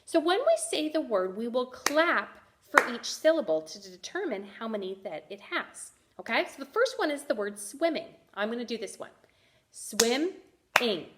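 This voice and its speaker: A woman teacher giving a first-grade reading lesson, sounding out letters clearly and praising the children. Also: fairly high pitch, very noisy. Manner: encouraging.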